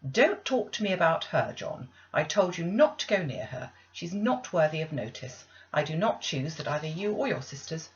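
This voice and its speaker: A woman's voice: sits low, sing-song, normal speed, hardly any pauses, dull audio. A woman voicing a stern, cold middle-aged guardian who scolds harshly and dismissively.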